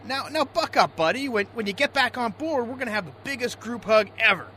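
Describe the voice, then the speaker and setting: A hot-tempered fishing skipper who stammers and keeps repeating himself while his voice rises and falls in a lively way. He bellows orders one moment and coaxes gently the next. The recording is noisy, with engine and outdoor sound behind him. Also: extremely high pitch, a little fast, full character voice. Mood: soothing. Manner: stammering, swings from yelling to soothing. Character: gruff male fishing skipper, hot-tempered yet coaxing. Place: outdoors on a boat.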